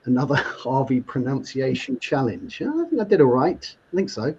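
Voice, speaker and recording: Husky man hosting, muffled audio. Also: mid-range voice, very animated, normal speed, a little mellow. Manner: reads viewer comments aloud, laughs often. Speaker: host. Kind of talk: upbeat live show chat. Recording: muffled lo-fi online stream audio.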